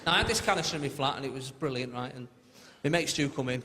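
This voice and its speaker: A man's voice: mid-range voice, fast, heavy background noise. A man doing live stand-up comedy on a theatre stage, telling chatty stories and tagging his lines with "right?". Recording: theatre reverb with loud audience laughter.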